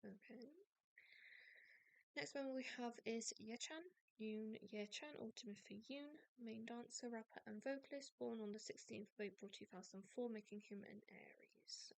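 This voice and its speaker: A woman's voice: on the high side, normal speed, vocal fry, no room sound. Young English woman, rambling casual chat, close dry sound. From England. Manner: rambling, self-deprecating, many restarts. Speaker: podcast host.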